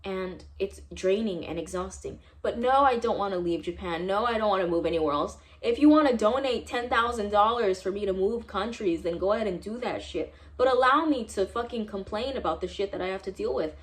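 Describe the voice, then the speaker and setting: A woman's voice: mid-range voice, a little fast, few pauses. Angry young American woman ranting. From San Diego, United States. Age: 20s. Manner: angry, profane, emphatic ranting. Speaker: vlogger. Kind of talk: heated personal storytime vlog.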